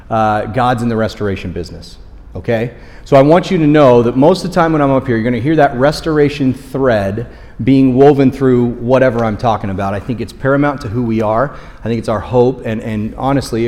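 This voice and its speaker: Candid pastor preaching in a reverberant hall. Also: male voice, medium pitch, darkish tone. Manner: candid, conversational, frequent "okay?" check-ins. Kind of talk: sermon. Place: church auditorium.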